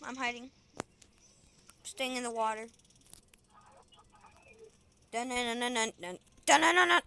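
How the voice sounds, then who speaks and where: A woman giving casual game commentary, excitable, shrieking and giggling as she plays. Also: on the high side, slow pace, creaky, clear, resonant tone. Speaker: gamer. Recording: loud background noise.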